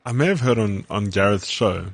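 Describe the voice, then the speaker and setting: A man's voice: lowish voice, expressive, normal speed, no echo. A man from South Africa with a South African accent, co-hosting a casual podcast in an easygoing, agreeable manner. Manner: easygoing, agreeable, chimes in with short replies. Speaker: podcast co-host. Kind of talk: casual chat.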